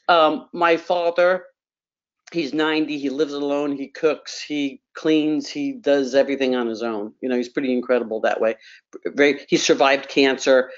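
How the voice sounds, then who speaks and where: Middle-aged woman, panel guest, animated storytelling, acted-out quotes, dull lo-fi audio. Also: a bass voice. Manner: animated storyteller, repeats words, acts out quotes. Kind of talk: storytelling on a radio talk panel.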